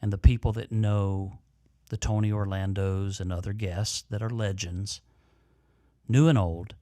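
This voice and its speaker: Low, slow-talking man hosting a podcast. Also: steady tone, mellow, no room sound, clean studio sound. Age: middle-aged. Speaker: podcast host. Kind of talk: podcast interview.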